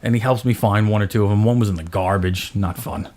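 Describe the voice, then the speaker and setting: A man's voice: on the low side, quick pace. A man in his thirties, a podcast host, telling a story in casual chat and acting out his own voice in quotes. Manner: animated, acts out his own yelling in quotes.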